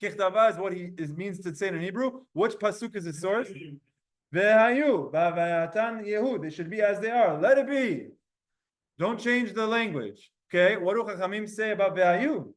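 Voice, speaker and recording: High-voiced man teaching Talmud. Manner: explains in quick bursts, quizzes students, restarts often. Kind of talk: Talmud class lesson.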